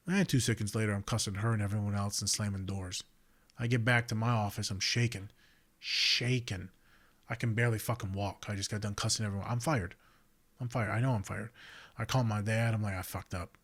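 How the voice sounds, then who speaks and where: A man's voice: fairly low pitch, a little fast. Blunt, profane man talking casually. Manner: blunt, profane and animated, swings between loud outbursts and quiet reflection. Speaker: podcast host and counselor. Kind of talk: casual monologue.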